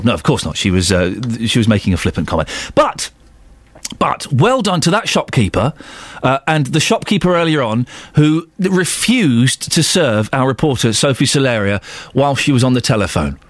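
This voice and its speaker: Excitable radio host, dry studio sound. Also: male voice, mid-range voice, breathy edge, no echo. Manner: excitable, goading, stumbling restarts. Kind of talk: talk radio presenting. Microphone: studio microphone.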